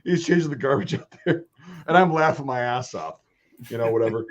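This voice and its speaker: A man with a medium-pitched voice tells a crude story in casual chat, talking a little fast, swearing constantly and laughing often in an animated way. The recording has a dull lo-fi sound.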